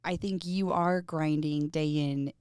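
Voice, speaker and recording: Young American woman podcast host, friendly and chatty, slightly lower voice, dry close mic. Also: fairly even intonation, a little slow, a little mellow, smooth, dry recording. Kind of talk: casual interview chat.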